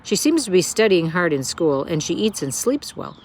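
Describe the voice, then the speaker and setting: A woman's voice: on the low side, very animated, moderate pace, a little mellow, a little hiss or hum. A woman voicing a kindly neighbor woman in a storybook reading, sweet and sympathetic.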